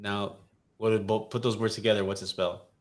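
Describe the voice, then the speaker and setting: A man's voice: on the low side, little pitch movement, brisk. A man hosting a casual livestream chat, joking and teasing his co-hosts over a video call. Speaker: podcast host.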